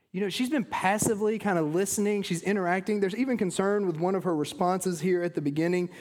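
A man preaching a sermon as pastor, earnest, often dropping to a hush at the ends of phrases. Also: high-pitched.

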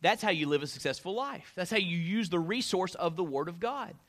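A man preaching a sermon as a pastor, swinging between loud emphatic lines and hushed ones, often repeating words as he starts a phrase. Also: sits high, lively intonation, fairly quick.

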